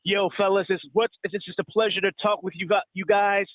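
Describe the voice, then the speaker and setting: A man's voice: sits high, flat delivery, fairly quick, no room sound. A man from New Jersey calling a sports radio show, heartfelt and stumbling over his words. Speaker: caller. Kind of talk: phone-in call. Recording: tinny phone line.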